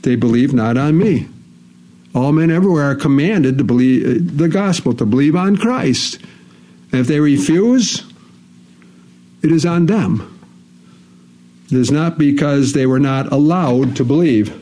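A man's voice: medium pitch, darkish tone. A man preaching a sermon, reading scripture verses aloud and repeating key phrases for emphasis.

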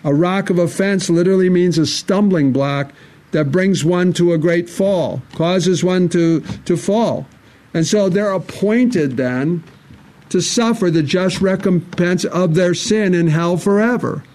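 Male preacher, earnest and insistent, voice pitched a little high, works through scripture and rhetorical questions. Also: a little slow, darkish tone. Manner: reads scripture aloud in King James wording. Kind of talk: sermon.

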